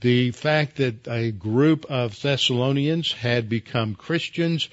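A man preaching as a pastor in a measured teaching sermon, often pausing with fillers and restarting his words. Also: medium pitch, no echo, muffled recording. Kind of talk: expository Bible teaching.

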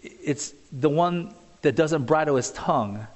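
Animated preacher in a reverberant hall. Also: male voice, fairly high pitch, unhurried. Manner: conversational, animated preaching with asides and rhetorical questions. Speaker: pastor. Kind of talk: sermon.

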